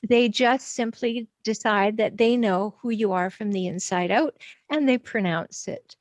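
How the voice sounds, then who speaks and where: A woman's voice: mid-range voice, unhurried, dry recording. A woman relationship expert being interviewed, explaining animatedly and acting out quoted voices.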